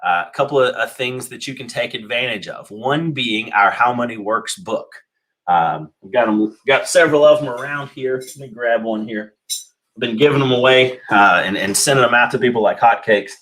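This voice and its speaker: A man's voice: mid-range voice, normal speed, a bit bright. A man hosting a local radio talk show, slightly out of breath, rambling with many fillers and restarts. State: a little out of breath. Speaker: host.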